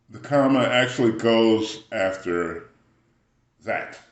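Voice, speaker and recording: Brief: man, very deep voice, unhurried rambling spiritual talk, echoey room. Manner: rambling, musing, frequent throat-clearing.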